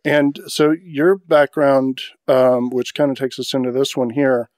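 A male podcast host talks in a friendly, casual way, often pausing on ums. His pitch sits mid-range and the recording is dry and close, without room echo. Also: flat delivery, darkish tone. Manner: friendly, hesitant, many ums. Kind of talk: casual interview conversation.

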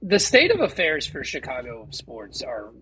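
A man's voice: mid-range voice, wildly swooping pitch, normal speed, bright, forceful tone, slight background noise, rough recording. A man co-hosting a sports podcast, joking around and telling stories in casual chat. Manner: jokey, does mock British accents. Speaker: podcast co-host.

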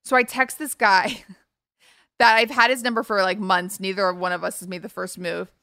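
A young woman, co-hosting a podcast and telling a story fast and animatedly. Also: mid-range voice, steady tone, pushed and bright, no room sound, clean studio sound. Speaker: podcast co-host. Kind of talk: casual storytelling chat.

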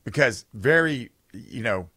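A man's voice: medium pitch, animated, slow, bright, forceful tone, breathy edge, no room sound, studio quality. A man hosting a political talk radio show, giving opinions in a conversational way and reading listener texts aloud.

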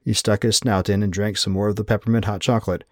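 A male audiobook narrator with a low voice tells the story in a wry, measured way. The recording is dry and close, with no room sound at all. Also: little pitch movement, a little mellow, dry recording. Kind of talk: scripted first-person narration.

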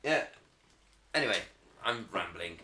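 A man in his thirties banters and rants with plenty of swearing. His voice has a mid pitch and a bright edge. The room around him is echoey. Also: expressive, measured pace. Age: 30s. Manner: sweary, joking, ranting. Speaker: podcast co-host. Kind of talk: casual comedy banter. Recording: roomy echo.

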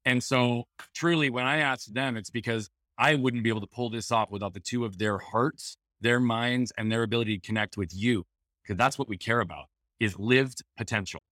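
A man's voice: mid-range voice, moderate pace, fairly bright tone, no room sound, studio quality. A man guest on a podcast, speaking earnestly in an uplifting, motivational way. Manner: earnest, inspirational phrasing. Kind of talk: casual chat.

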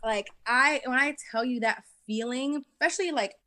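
A woman guest on an interview, telling her story in an animated way and acting out what she and others said. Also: high voice, normal speed. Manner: animated storyteller who acts out what people said. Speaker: reality show contestant guest. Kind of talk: casual interview chat.

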